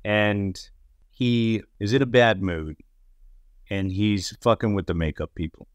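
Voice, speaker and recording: A man co-hosting a podcast, telling his acting-set stories in an animated way and swearing casually. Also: fairly low pitch, unhurried, dry recording. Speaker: podcast co-host and actor. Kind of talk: casual storytelling chat.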